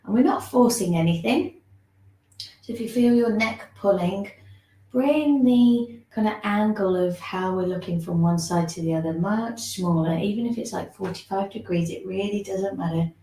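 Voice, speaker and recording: A woman teaching a gentle online movement class, giving soft, soothing instructions and yawning now and then. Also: medium pitch, normal speed. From England. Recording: echoey room.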